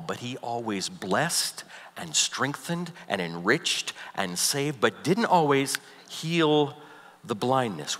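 A man preaching a sermon as a pastor, animated, swinging from loud emphasis to soft, near-whispered passages. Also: medium pitch, long reverb tail.

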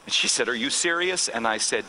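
A man's voice: medium pitch, animated, fast, pushed and bright, big-room sound, a little hiss or hum. A man preaching as a pastor, telling a story conversationally with self-corrections. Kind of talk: sermon storytelling.

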